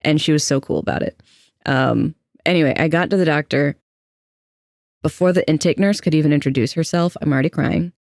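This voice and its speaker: Trans man podcast co-host, young adult, gravelly, dry close mic, candid storyteller. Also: fairly high pitch, brisk, no room sound. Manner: candid, anxious, self-deprecating storytelling. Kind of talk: casual personal storytelling.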